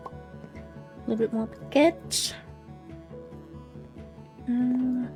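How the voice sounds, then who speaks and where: A woman's voice: a little high, fairly even intonation, drawn-out words, long pauses, over music. A woman with a slight German accent, thinking aloud as she hosts a casual gameplay commentary, musing and hesitant. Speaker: let's play host.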